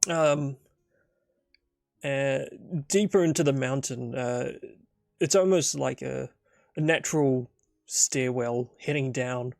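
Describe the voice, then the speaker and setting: A man's voice: mid-range voice, takes it slowly, gravelly, long pauses, darkish tone, no echo, studio quality. A man narrating and thinking aloud through a solo tabletop game in a casual, rambling way full of fillers.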